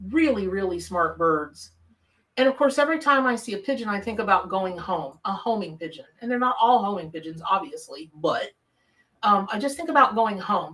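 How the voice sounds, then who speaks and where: A Southern-accented woman talks loosely and warmly to her live-stream audience and breaks off to answer viewer comments. She sits some distance from the microphone, so her voice sounds a little far away. Her pitch stays in the middle range for a woman. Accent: Southern American. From American South. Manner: chatty, reacts to viewer comments. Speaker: tarot reader hosting a live stream. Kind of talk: live-stream chat and reading.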